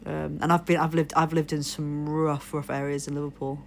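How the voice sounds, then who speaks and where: Her voice is low, fairly flat in pitch, and brisk, with vocal fry and slight background noise. She's a woman from Leeds, England, with a posh southern English accent, casually chatting on a live stream and telling rambling stories loaded with swearing.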